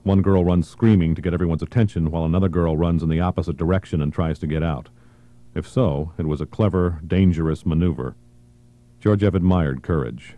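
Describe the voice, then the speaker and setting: A man reading a thriller audiobook in a measured, even narration. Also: deep voice.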